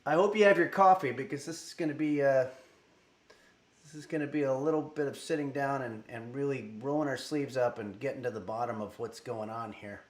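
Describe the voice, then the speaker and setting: A man's voice: mid-range voice, steady tone, brisk, a little mellow. Rambling man streaming from an echoey room. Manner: rambling, reads chat messages aloud with many fillers. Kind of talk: casual livestream chat. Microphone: desk microphone.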